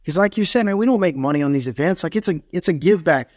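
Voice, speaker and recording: A man with a somewhat raised pitch talks earnestly as a podcast guest, dropping in "like" and "dude". The recording is dry and close, with little room sound. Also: expressive, quick pace, a little mellow, no room sound. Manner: earnest, laid-back, says "like" and "dude" a lot. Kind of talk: casual podcast conversation.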